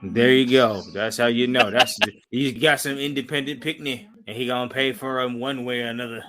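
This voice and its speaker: A man's voice: mid-range voice, steady tone, a little fast, a bit bright. A man co-hosting a casual podcast, talking in slang with profanity, laughing often and acting out lines from a cartoon. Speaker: podcast co-host. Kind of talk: casual chat recapping a cartoon episode.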